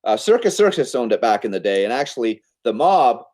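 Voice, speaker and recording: A man in an interview, casually telling a business story in an animated, conversational way, often checking in with "okay?" and "right?". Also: mid-range voice, a little fast. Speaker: podcast guest, entrepreneur.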